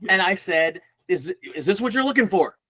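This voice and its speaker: A man's voice: high-pitched, expressive, moderate pace, sharp tone. A man in a casual panel chat over a video call, defending his points insistently. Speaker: panel guest.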